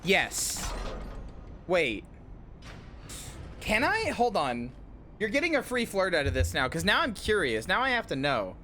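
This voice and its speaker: A woman's voice: fairly low pitch, huge pitch swings, measured pace, long pauses, sharp tone, slight background noise. A woman streaming a video game, chatting casually in a giggly, self-deprecating way. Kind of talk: casual live-stream chat while gaming.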